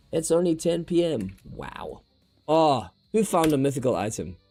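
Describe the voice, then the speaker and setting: A man's voice: on the high side, warm tone. A man with a New Zealand accent hosting a casual gaming livestream, rambling and joking as he talks and laughs often.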